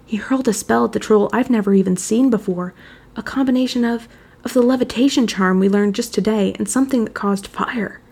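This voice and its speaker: A woman's voice: mid-range voice, fairly even intonation, fast talker, gravelly, hardly any pauses, mellow, breathy edge. A woman voicing young wizard Harry, earnest. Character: eleven-year-old boy wizard, powerful and shaken.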